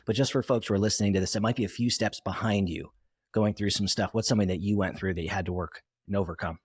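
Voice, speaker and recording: A man's voice: on the low side, fairly even intonation, fast talker, husky, no room sound, clean studio sound. A man hosting a podcast interview, eagerly asking questions and reacting in a conversational way. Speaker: podcast host and coach.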